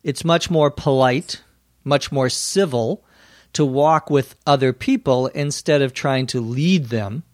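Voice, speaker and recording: A male teacher explains English phrases to learners, speaking slowly and clearly. He sounds close to the mic in a dry room with no echo. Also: medium pitch, a little mellow. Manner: slow, clear explaining with acted example lines. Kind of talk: scripted explanation for language learners.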